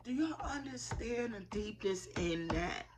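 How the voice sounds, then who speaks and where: A woman's voice: mid-range voice, lively intonation, measured pace, a crowd in the background. A woman giving a spiritual tarot reading in a fervent, preacher-like way, calling her listeners y'all. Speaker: tarot reader.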